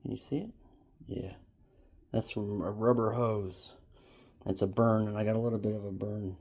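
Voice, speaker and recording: A man vlogging outdoors into a handheld phone camera. He tells his story in a rambling, animated way. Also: fairly low pitch, normal speed. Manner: rambling and animated, bursts into loud shouts when quoting.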